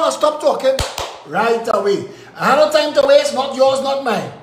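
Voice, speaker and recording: A man's voice: very high-pitched, big pitch swings, normal speed, roomy sound, a little hiss or hum. A Trinidadian man hosting a live show, delivering a combative, repetitive political commentary rant.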